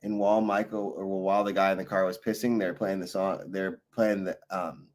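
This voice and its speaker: A man's voice: deep voice, little pitch movement, fairly quick, darkish tone. A tired man streaming live, chatting loosely with his viewers and telling rambling, profane stories. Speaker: livestreamer reading chat. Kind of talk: casual rambling chat.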